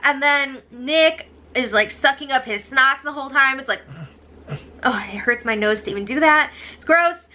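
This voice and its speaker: A woman's voice: high-pitched, moderate pace, bright, forceful tone, a little hiss or hum. A young woman hosting a casual recap, chatty, with sarcastic, eye-rolling asides. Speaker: host recapping a reality show.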